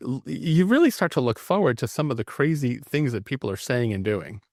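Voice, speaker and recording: A man's voice: medium pitch, a little fast, no room sound, clean studio sound. A man co-hosting a podcast, chatting casually and laughing about a bad horror movie. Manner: lively, laughing, animated storytelling. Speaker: podcast co-host. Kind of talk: casual movie review chat.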